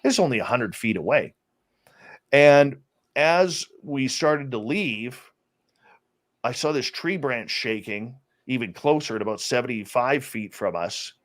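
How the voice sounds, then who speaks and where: A man, a radio host, speaking as an interview guest and telling a personal story in a lively way, often restarting his sentences. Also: medium pitch, a little slow. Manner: animated storyteller with many restarts. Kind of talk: casual storytelling chat.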